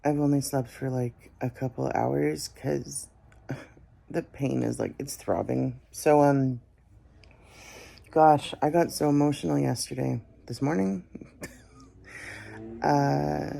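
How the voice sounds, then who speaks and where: A woman's voice: low-pitched, vocal fry, dark tone, husky. A woman vlogging about her day, tired and emotional, close to tears and sighing as she talks. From Canada. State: tearful. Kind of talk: personal vlog.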